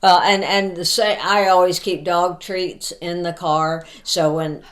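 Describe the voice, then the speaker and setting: A woman co-hosting a podcast in casual chat, an easygoing storyteller who is quick to laugh. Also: fairly low pitch, fairly even intonation. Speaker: podcast co-host.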